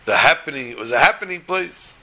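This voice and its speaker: A man with a bright, forward voice tells a story during a religious talk. His delivery is animated and halting, full of restarts and repeated phrases. His pitch sits in an ordinary middle range. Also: highs cut off.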